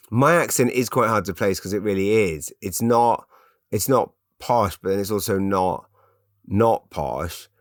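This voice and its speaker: A low-voiced man hosts a relaxed podcast Q&A, reading listener messages aloud and reacting as he goes. He talks in stop-start bursts and restarts his sentences often. The recording is close and dry, with no room echo. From England. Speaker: podcast host.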